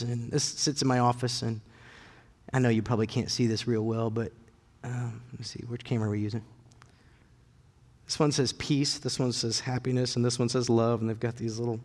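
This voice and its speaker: In a large hall, a pastor in his thirties preaches with lively animation, weaving in personal anecdotes, and his voice rises and gets loud when he is excited. His pitch is medium.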